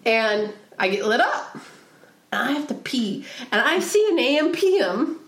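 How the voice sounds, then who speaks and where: A woman's voice: on the high side, measured pace. A young woman co-hosting a podcast, telling a rowdy story in casual chat with plenty of swearing. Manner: profane, animated storyteller. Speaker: podcast co-host. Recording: echoey room.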